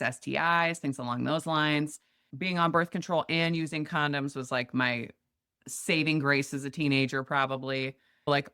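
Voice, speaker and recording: A woman's voice: deep voice, clear, resonant tone, no room sound, studio quality. A middle-aged woman from Montana, a podcast guest telling a story in casual chat and acting out the voices of the people in it. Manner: animated, acts out quoted voices.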